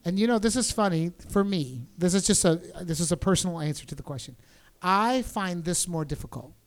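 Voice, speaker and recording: A man's voice: high-pitched, a little fast. Joking, rambling American man. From United States. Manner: relaxed, joking, rambling with many restarts. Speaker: interview guest, performer. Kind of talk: casual conversational interview.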